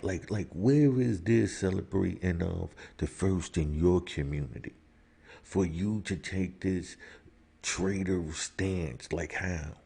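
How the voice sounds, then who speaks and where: A man's voice: low-pitched, vocal fry, warm tone, breathy edge. A man delivering an emphatic opinion monologue, full of rhetorical questions and heated outbursts. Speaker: commentator.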